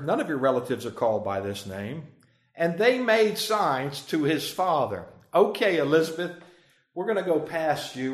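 A man teaching a Bible class in an echoey room, at a middle pitch. He leans hard on key phrases, slows right down to drive them home, and chuckles as he quizzes his listeners. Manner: chuckles often, asks the group questions. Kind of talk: interactive Bible study teaching.

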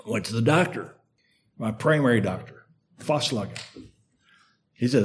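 An older man preaching a sermon in an earnest, measured way, with a slight lisp from a sore tongue and emphatic repetition. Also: medium pitch, expressive, a little hiss or hum.

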